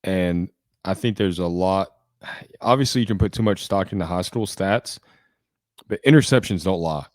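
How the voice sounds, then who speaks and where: A man's voice: sits low, moderate pace, darkish tone, no echo, clean studio sound. A man co-hosting a sports podcast, making his case confidently in casual talk. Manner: confident, argues point by point. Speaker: podcast co-host.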